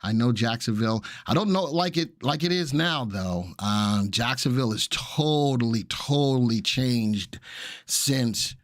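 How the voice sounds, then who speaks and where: A man's voice: medium pitch, expressive, unhurried, dry recording, studio quality. A man, hosting a casual stock-market live stream in an upbeat, jokey way and greeting viewers. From Brooklyn, New York. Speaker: livestream host of stock analysis show.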